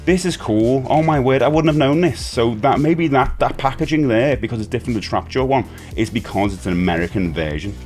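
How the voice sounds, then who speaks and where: A man's voice: medium pitch, lively intonation, fairly quick, hardly any pauses, a little mellow, soft background music. A man, chatting casually and enthusiastically while unboxing a collectible toy, rambling with frequent restarts. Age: 40s.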